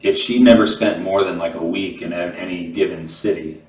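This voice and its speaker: A man with a very deep voice muses out loud on a casual podcast, working through ideas as he goes and dropping swear words here and there. He sits a little far from the mic, and the room rings with echo. The recording sounds dull and muffled. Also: steady tone, moderate pace. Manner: rambling, swears casually, thinks aloud. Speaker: podcast co-host. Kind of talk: casual chat. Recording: roomy, distant, muffled podcast audio.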